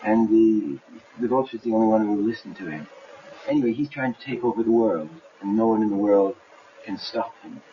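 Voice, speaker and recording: A man's voice: lowish voice, brisk. A man animatedly explaining his film in an interview, acting out scenes as he goes. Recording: muffled, slightly hissy archive tape.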